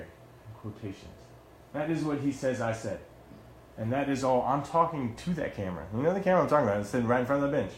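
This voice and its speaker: A man's voice: medium pitch, expressive, a little fast, reverberant, slight background noise. A young man, a former Marine, telling the story of his own arrest in a heated, blunt way, with swearing and many restarts. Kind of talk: heated first-person account.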